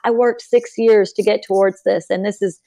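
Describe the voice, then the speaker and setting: A young woman from Texas, a podcast guest, telling stories casually and acting out the people she quotes. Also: moderate pace. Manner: animated, acts out quoted people with big pitch jumps. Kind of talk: casual storytelling in an interview.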